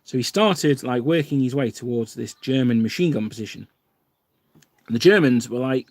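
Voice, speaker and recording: A man's voice: mid-range voice, normal speed, no room sound. Man, livestream host, casual rambling chat, lots of fillers, dry close sound. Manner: rambling, with many fillers and restarts. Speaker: wargaming channel host.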